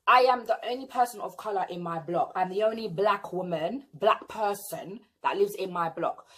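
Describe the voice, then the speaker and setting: Young British woman, vlogger, indignant storyteller with a sassy edge and a middle pitch. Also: normal speed. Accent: British English. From England. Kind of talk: storytime vlog.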